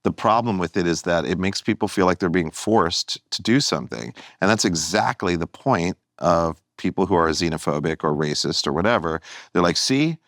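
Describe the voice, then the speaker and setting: A male guest comedian talking in casual conversation, rambling and animated with many restarts. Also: sits low, moderate pace, hardly any pauses, dry recording, studio quality.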